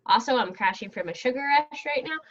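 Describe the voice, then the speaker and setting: A woman's voice: sits high, lively intonation, fairly quick, fairly bright tone. A woman playing a tabletop game over a video call, rambling with frequent fillers. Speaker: player. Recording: dull lo-fi video call audio.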